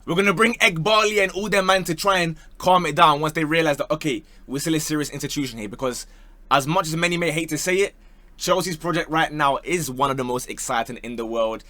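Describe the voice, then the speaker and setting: A young man talks football in a loose, comic way, full of slang and quick bits. His voice sits a little high and sounds bright and forceful. The sound is close and dry. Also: no echo. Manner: playful and slangy, slipping into joke voices. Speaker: football YouTuber. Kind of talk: comedic football talk.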